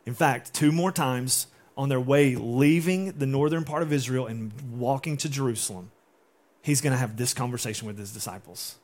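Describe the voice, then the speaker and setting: A man's voice: medium pitch, moderate pace, darkish tone. A male pastor preaching a sermon in a conversational way, using rhetorical questions and acting out quotes.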